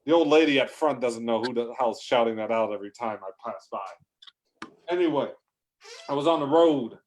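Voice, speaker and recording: A man telling a rambling, improvised comedic story, interrupting himself and breaking into shouted lines. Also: mid-range voice, normal speed.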